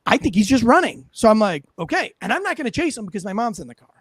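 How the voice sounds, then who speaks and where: A man with a high voice tells a story as a former police officer, animated and swearing freely while he acts out each exchange. He sounds close and dry, with no room sound. It is casual talk-show chat. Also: fast talker, slightly rough, no echo. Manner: animated, profane, acts out what people said.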